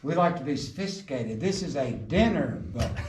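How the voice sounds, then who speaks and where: A man's voice: mid-range voice, expressive, fairly quick, a little mellow. Folksy tour guide man, echoey. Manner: folksy joking storyteller, quizzes the group. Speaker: coal mine tour guide. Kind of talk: guided tour talk to a group. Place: underground mine tunnel. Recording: echoey underground, voice from a distance, some noise.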